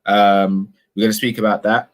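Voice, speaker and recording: A man's voice: on the low side, flat delivery, normal speed. A man hosting a casual live-stream chat, reading out viewer comments and steering the talk with pointed questions. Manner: leads discussion with probing questions.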